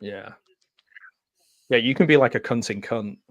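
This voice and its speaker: A man's voice: mid-range voice, measured pace. A man hosting a casual live commentary, rambling and laughing often. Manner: giggly, rambling, frequent laughs. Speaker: host.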